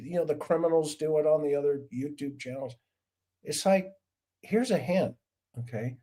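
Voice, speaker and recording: A middle-aged man hosting a livestream, telling anecdotes from his years as a police officer and acting out the people in them. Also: a little high. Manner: animated anecdotes with acted-out voices. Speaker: podcast host, retired police officer. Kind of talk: casual livestream storytelling.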